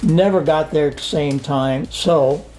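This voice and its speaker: Older man telling animated stories. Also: on the high side, a little slow, faint music behind. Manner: animated storyteller, acts out quoted dialogue. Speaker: interviewee, sound engineer. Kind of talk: casual storytelling interview. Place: home studio.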